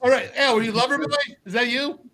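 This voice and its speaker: Guy with a high voice hosting a sports talk show, joking around, laughs a lot, upbeat and loose. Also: quick pace, pushed and bright.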